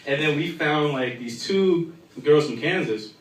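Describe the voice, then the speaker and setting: A man's voice: on the high side, measured pace, background noise. Young man, stand-up comedy, crude and rambling, lots of ums, echoing room, distant mic. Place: live comedy show in a bar. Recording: echoey room from far off.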